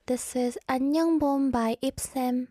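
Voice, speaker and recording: A woman's voice: high voice, steady tone, fast, mellow, no room sound. A woman hosting a radio show in a studio, chatting casually in a bubbly, rambling, playful way. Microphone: studio microphone.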